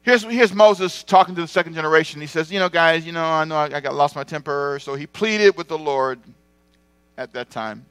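A man preaching a sermon as pastor, animated, swinging from loud exclamations to quiet asides. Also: on the high side, fairly quick, clear, resonant tone, no room sound.

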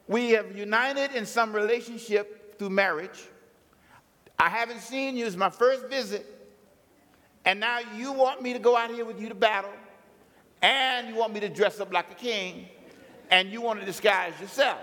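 A man's voice: high-pitched, moderate pace, pauses often. A man preaching a sermon, acting out biblical characters and calling on the congregation to join in. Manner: animated storytelling, acts out biblical characters. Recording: long hall reverb.

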